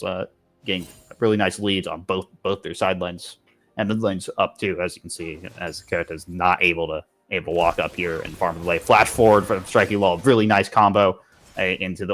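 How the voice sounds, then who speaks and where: A man with a fairly low voice calls an esports match play-by-play. He talks quickly and keeps stumbling over and repeating words as he follows the action. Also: steady tone, a bit bright. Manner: rapid play-by-play with frequent restarts and repeated words. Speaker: esports caster. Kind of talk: play-by-play commentary.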